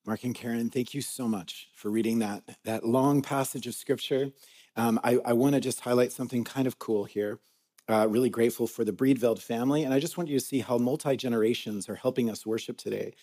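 A man's voice: mid-range voice, fairly even intonation, brisk, dark tone. A man leading a church service as pastor, casual and enthusiastic, moving from thanks into prayer. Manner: casual and enthusiastic, with fillers and restarts. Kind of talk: sermon introduction and prayer.

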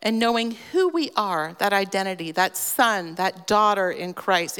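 A woman giving an earnest devotional teaching on a scripture passage, gently emphatic and personal. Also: mid-range voice, lively intonation, a little slow, hardly any pauses, clear, resonant tone. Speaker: devotional speaker. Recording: long reverb.

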